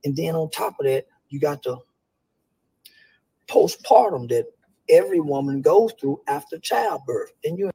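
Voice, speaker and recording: A man who speaks to youth, delivering an emphatic, preachy monologue that swings between loud and hushed. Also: fairly high pitch, expressive, measured pace, pauses often, slightly rough, rough recording.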